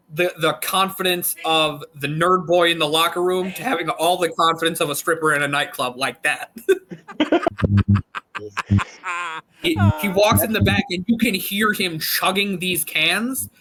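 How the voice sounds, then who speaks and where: Bright-voiced male game master, joking. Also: high-pitched, rough recording. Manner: loose, joking, laughs often. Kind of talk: narrating a tabletop game.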